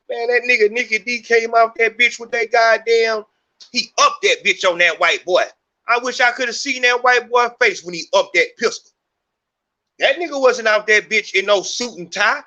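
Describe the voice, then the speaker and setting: A man's voice: sits high, sharp tone, highs cut off. A middle-aged man hosting a podcast, talking in a heated, profane, rambling monologue. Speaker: podcast host. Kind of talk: unscripted monologue.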